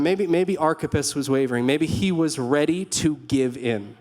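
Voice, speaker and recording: A man's voice: on the high side, moderate pace, darkish tone. A young man preaching a sermon in a church hall, earnest and conversational, with storytelling asides. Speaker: pastor.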